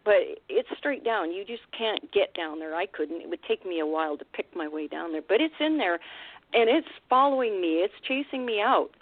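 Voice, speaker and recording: A woman from Vancouver Island, a guest on a radio show, telling a frightening encounter in an emotional, halting way with many restarts. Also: mid-range voice, lively intonation. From Canada, Vancouver Island. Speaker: guest, Sasquatch researcher. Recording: dry, phone-like radio call line.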